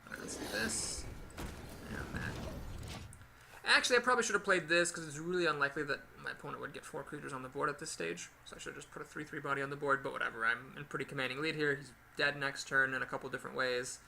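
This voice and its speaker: A man with a very bright, forceful voice and a high pitch talks through his card game in a chatty, playful way. His tone carries a gravelly edge. Now and then he breaks into lively exclamations. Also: fast talker, a little hiss or hum. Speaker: gaming video host. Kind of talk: casual gameplay commentary.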